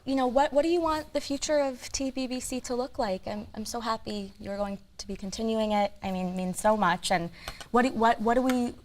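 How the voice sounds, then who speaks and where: A young woman with an American accent, a graduating student host who chats in a warm, gushing way. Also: fairly high pitch, fairly even intonation, brisk, a little hiss or hum. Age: young adult. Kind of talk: casual chat.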